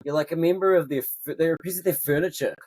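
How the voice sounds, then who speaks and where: A man hosting a casual chat podcast, encouraging and quick with short replies. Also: a little high, steady tone, a little mellow, no echo, rough recording. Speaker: podcast host.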